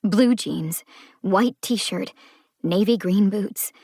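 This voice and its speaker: Slow, measured female audiobook narrator. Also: mid-range voice, dark tone, slightly rough, no room sound, clean studio sound.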